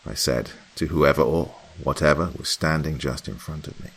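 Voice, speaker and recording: Super deep voiced guy reading a creepy story, husky, hushed and dramatic. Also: moderate pace. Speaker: horror story narrator and host. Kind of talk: dramatic first-person horror narration.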